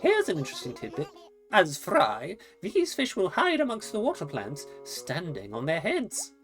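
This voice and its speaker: A woman's voice: lowish voice, huge pitch swings, normal speed, faint music behind. A woman voicing a fussy, erudite male owl who runs a museum, with a prim, wordy and polite manner and a hooting catchphrase. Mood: pompous.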